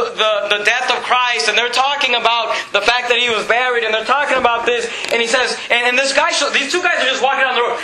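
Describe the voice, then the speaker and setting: A man preaching a sermon, retelling a scripture story in animated, conversational storytelling. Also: very high voice, reverberant, low-quality recording. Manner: animated storytelling, acting out voices.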